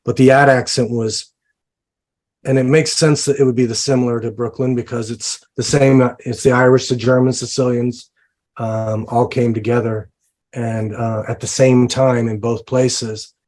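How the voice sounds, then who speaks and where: A man's voice: medium pitch, flat delivery, moderate pace, a little mellow. A man, a film director, talking about his film in an interview, with many fillers and restarts. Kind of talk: interview conversation. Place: lives in New Orleans.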